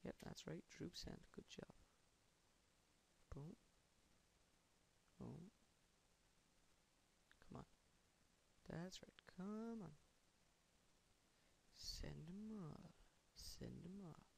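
A man's voice: sits high, drawn-out words, vocal fry, long pauses, slight background noise. A man giving casual, rambling gameplay commentary, sarcastic and chanting words under his breath. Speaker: gamer.

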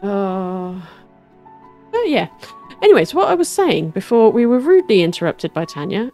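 Gamer lady, lively up-and-down voice, a bit high, chatting away over faint game music. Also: normal speed. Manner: chatty, talks to herself and the game characters, often laughs. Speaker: gaming channel host. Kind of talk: casual let's-play commentary.

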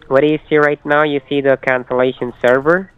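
A man's voice: medium pitch, flat delivery, brisk, clean tone. A man on a scam call, giving insistent, repetitive instructions. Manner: insistent, repetitive, formulaic phrasing. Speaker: scam caller. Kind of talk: phone call. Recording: muffled dry phone line.

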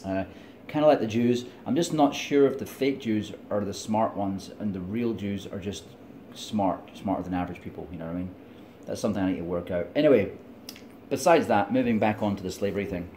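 Rambling low-voiced Scottish man. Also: a little fast, warm tone, slight background noise. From Scotland. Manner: digressive, laughs often, tipsy and chatty. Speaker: vlogger. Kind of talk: rambling opinion monologue.

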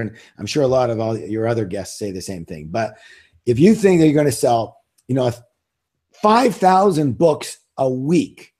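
A man's voice: mid-range voice, gravelly, dark tone, husky. A middle-aged man telling stories as an interview guest in a casual, self-assured way, with emphatic repeats. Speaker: interview guest, author and seminar leader.

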